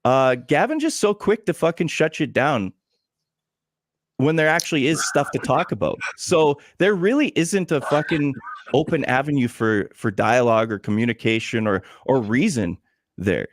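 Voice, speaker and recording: A man's voice: mid-range voice, animated, moderate pace, no echo. A man hosting a podcast, talking casually and aggrieved about how he was treated, swearing often. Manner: aggrieved, heavy swearing, blunt. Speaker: podcast host. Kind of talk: casual uncensored podcast chat.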